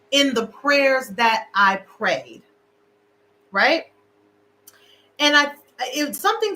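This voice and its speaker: A woman's voice: high voice, bright, forceful tone, poor audio. A middle-aged woman hosting a casual livestream, candid and emotional, talking straight to her viewers. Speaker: show host. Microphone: livestream camera.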